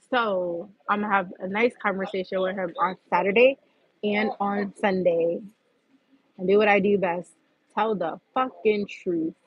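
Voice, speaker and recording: A husky-voiced woman rants on her own livestream, blunt and full of curses. The sound is dry and a little muffled, as if from a phone. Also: mid-range voice, dry recording. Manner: blunt, profane, venting. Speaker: livestream host. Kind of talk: heated livestream rant.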